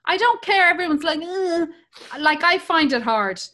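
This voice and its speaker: An Irish woman in her forties, chatting casually and telling profane, lively stories about her kids. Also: high-pitched, normal speed. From Ireland. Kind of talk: casual chat.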